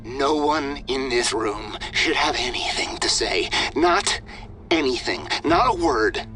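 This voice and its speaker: A man's voice: mid-range voice, animated, measured pace, pushed and bright, recorded from a distance, faint music behind, pitched above the performer's own voice. A man voicing an unhinged, sneering male hostage-taker who swings from sarcasm to screaming. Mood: cold threatening.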